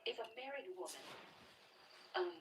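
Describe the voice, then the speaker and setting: An actress voicing an adult woman in a film, with lively dialogue. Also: lowish voice, normal speed, recorded from a distance. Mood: gossiping. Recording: film audio playing from afar with noise.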